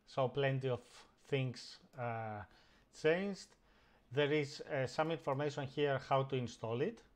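Running a laid-back live stream, this man talks through a computer task step by step as he carries it out. He speaks slowly at a medium pitch, pausing frequently to find his words, full of fillers and false starts.

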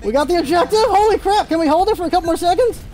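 A gaming channel host giving live gameplay commentary, excitable and firing off rapid callouts to teammates. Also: very high-pitched.

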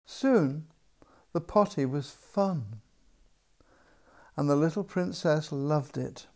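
An older man, an author reading his own picture book aloud in a gentle, unhurried storybook manner. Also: fairly high pitch.

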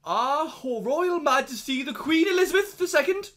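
A man voicing a solemn, posh British gentleman in mourning, who drops into hushed whispers. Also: extremely high pitch, lively intonation, moderate pace, voice pushed up.

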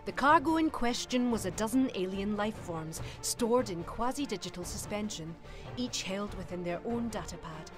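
A woman reading an audio story as narrator, lively and expressive. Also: mid-range voice, moderate pace, over music.

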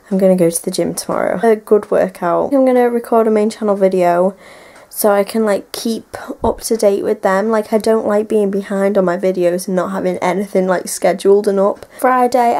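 A woman's voice: medium pitch, a little mellow. Young woman, casual home vlog, rambling, chatty, filler-heavy. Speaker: vlogger. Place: home, indoors and garden.

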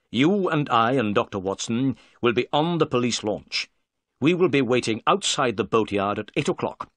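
A man voicing a confident, clever detective in a read-aloud story, brisk and commanding. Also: mid-range voice, a bit bright, no echo, clean studio sound, close to an everyday voice.

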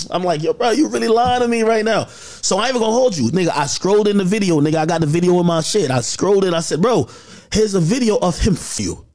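A man telling a personal story in casual chat, animated and full of slang, acting out what others said. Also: high voice, fairly quick. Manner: animated, acts out quotes with slang.

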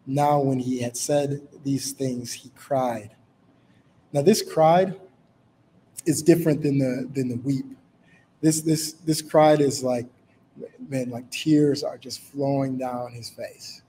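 A man's voice: mid-range voice, steady tone, slow, dark tone, slight background noise, rough recording. A man leading a Bible study in a casual, informal way, reading scripture aloud and rephrasing it with many fillers.

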